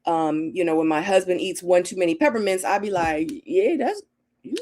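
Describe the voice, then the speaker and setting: A middle-aged woman hosting a casual live Q&A and reading viewer comments. She talks in an animated, emotional way. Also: fairly low pitch, fairly quick. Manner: animated and emotional, acts out her own quotes with laughter. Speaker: livestream host.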